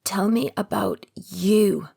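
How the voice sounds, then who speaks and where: An exhausted, injured young woman in whispered role-play, her voice a hoarse, fading whisper, as a woman narrator puts her on. Each word sounds weak and strained. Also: mid-range voice, big pitch swings, measured pace, voice pushed up, exaggerated voice. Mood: weak, faint.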